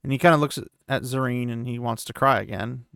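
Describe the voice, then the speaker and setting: A man's voice: medium pitch, quick pace, vocal fry, a bit bright, smooth, no room sound, clean studio sound. A young man casually recapping a book chapter, chatty, paraphrasing the characters and laughing at his own slips. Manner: chatty, paraphrases with "he's like", self-corrects and laughs. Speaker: podcast host recapping a book. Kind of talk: casual book recap with read-aloud quotes.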